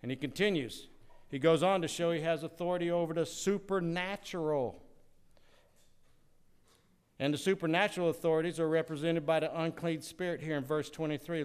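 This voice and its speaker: A man preaching from the pulpit as a pastor, his voice sitting a little high for a man. He delivers the sermon dramatically, rising to loud declarations and then dropping to hushed asides. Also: clean tone.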